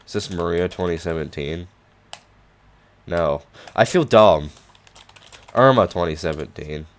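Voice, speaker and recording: A young man, hoarse and losing his voice, casually walking through programs he coded, with many fillers and restarts. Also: low-pitched, a little slow. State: losing his voice, clearing his throat. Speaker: hobby programmer showing his projects. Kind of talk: casual screen-recorded walkthrough.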